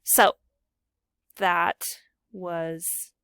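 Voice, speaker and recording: A woman's voice: lowish voice, level tone, extremely slow, a bit bright, dry recording. Woman, teacher, recorded grammar lesson, explains step by step, dry close sound. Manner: clear explanatory teacher talk with questions to students.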